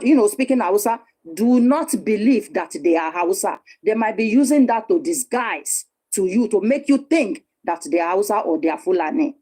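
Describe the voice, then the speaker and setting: A woman's voice: mid-range voice, warm tone, slightly rough, poor audio. A woman, firmly arguing her point as a participant in an online panel debate. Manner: firm, argumentative.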